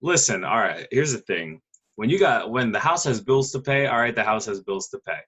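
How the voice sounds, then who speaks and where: Male co-host, animated storyteller, mid-pitched, casual and loose. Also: normal speed, husky. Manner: animated, swings voice acting out people. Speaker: podcast co-host.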